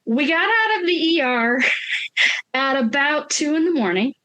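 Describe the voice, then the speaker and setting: A woman co-hosting a podcast, telling a story, animated and acting out the voices of the people she quotes. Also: high voice, measured pace, a little hiss or hum. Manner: animated, acts out quoted voices, laughs often. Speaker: podcast co-host. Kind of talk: casual storytelling chat.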